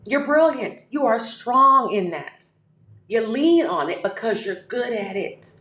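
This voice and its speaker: A woman's voice: fairly high pitch, lively intonation, a little slow, a bit bright. A woman hosting a podcast, giving a motivational talk with emphatic, repeated affirmations and calling the listener "baby". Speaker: podcast host. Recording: echoey room.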